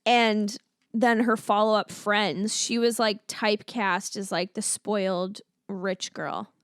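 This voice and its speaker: A woman's voice: mid-range voice, steady tone, smooth, dry recording, studio quality. A woman co-hosting a casual movie-review podcast, reacting and adding film trivia. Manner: slow, reactive, trivia-minded. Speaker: podcast co-host.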